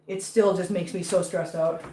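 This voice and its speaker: A woman's voice: fairly low pitch, steady tone, normal speed, mellow, reverberant, a little hiss or hum, low-quality recording. A woman chatting casually on a home livestream, talkative and emotional, fretting openly. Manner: chatty and emotional, anxious about her cat. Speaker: cat-owning live streamer. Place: home with many cats.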